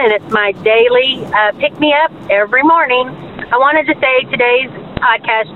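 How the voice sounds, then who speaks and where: A woman's voice: fairly high pitch, slight background noise. Female caller on a tinny phone line. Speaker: caller leaving a voicemail. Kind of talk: voicemail message.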